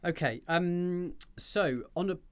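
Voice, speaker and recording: A man's voice: sits high, slow pace, muffled recording. A male podcast host chatting easily with a guest, full of hesitant fillers. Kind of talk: casual interview chat.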